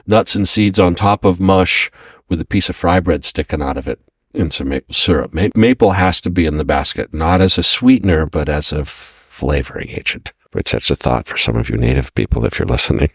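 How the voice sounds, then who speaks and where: A middle-aged man, a chef interviewed as a guest, talking in a relaxed, chatty way with frequent ums and restarts. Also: extremely low pitch, brisk, vocal fry, husky, no echo, studio quality, recorded from a distance. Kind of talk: casual interview conversation.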